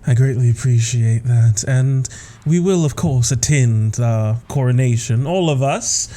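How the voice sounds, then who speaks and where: A man playing a regal, guarded serpent-haired woman adventurer, speaking in a measured, formal way in a tabletop game. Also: medium pitch, dark tone, natural voice. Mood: poised.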